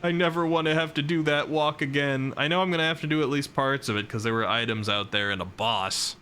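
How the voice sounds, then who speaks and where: A man's voice: medium pitch, a little fast, pushed and bright, clean tone. A man streaming a game live, chatting casually, reacting aloud to what happens and answering his chat. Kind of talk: live gameplay commentary.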